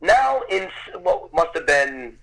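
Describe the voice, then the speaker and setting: A man in his fifties spins a lively anecdote as a podcast guest, dropping the odd curse word along the way. His voice sits a little high and sounds bright and forceful. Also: takes it slowly, gravelly, low-quality recording. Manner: vivid storyteller, swears casually. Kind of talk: animated anecdote telling.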